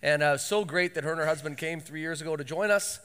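A man with a fairly high voice leads a prayer and then introduces the next speaker to his church, his speech relaxed and halting, full of small fillers. The sound carries a long reverb from the hall. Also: clean tone. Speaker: pastor.

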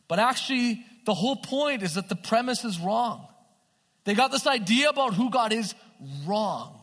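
High-voiced man preaching in a reverberant hall. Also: moderate pace. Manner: animated, asks the audience questions. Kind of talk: sermon.

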